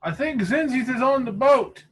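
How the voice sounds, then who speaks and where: Man putting on a raised eager scout voice, hurried, excited. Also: very high-pitched, breathy edge, pitched above the performer's own voice, full character voice. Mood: urgent.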